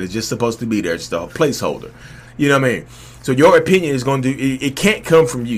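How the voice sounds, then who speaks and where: A man, hosting a candid unscripted monologue about his own experience, rambling with restarts and getting loud when he is heated. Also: medium pitch, a little hiss or hum. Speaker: vlog host speaking on his own experience.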